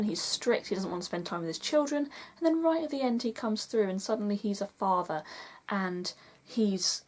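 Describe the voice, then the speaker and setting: A woman's voice: mid-range voice, darkish tone. A young woman vlogging in a chatty, enthusiastic way, gushing as she counts down a list. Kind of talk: casual vlog countdown.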